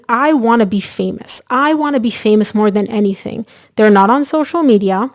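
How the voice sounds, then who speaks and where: Chatty tarot lady, kinda high voice, talking right to her viewers. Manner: chatty, energetic, addresses viewers directly. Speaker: tarot reader. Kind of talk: casual tarot reading to camera.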